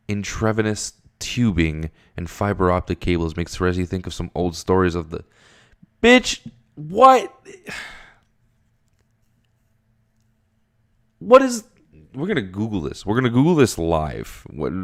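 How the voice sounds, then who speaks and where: A man with a very low voice reads a webcomic aloud and comments as he goes. He sounds sleepy at this early hour, rambles, and swears freely, and his voice jumps up high whenever something surprises him. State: tired early morning. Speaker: webcomic reader. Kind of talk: casual reading and commentary.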